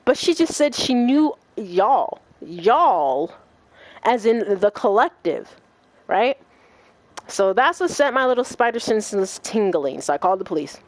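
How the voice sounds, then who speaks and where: A young adult woman hosting a gaming livestream, telling a story in casual chat, profane and animated, acting out what others said. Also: mid-range voice, measured pace, no room sound. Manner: animated, profane, acts out quoted voices.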